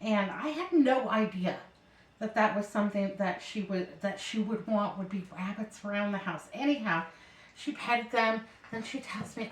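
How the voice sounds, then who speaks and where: A woman's voice: mid-range voice, normal speed. A middle-aged woman chatting and telling a long, meandering story while she cooks at home, often circling back with "anyhow.". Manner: rambling, meandering, keeps saying anyhow. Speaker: home cooking vlogger. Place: home kitchen. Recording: echoey room, mic set far off.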